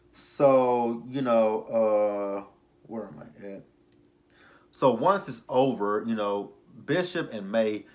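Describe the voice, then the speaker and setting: Sassy man recapping a TV episode. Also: on the low side. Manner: sassy, exasperated asides. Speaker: TV episode reviewer. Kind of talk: casual recap and commentary.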